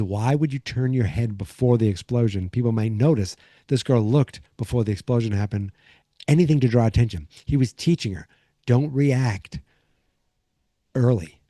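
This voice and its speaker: A man's voice: medium pitch, normal speed, warm tone, dry recording, clean studio sound. A man hosting a podcast, recapping an episode in a loose, casual way, full of fillers and restarts. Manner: rambling, many fillers and restarts. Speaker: podcast host.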